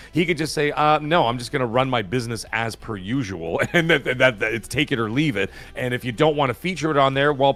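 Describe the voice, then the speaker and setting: A man's voice: mid-range voice, fairly bright tone. A man with a Canadian accent, a guest commentator in a casual podcast discussion, talking in an opinionated, emphatic way with frequent self-corrections.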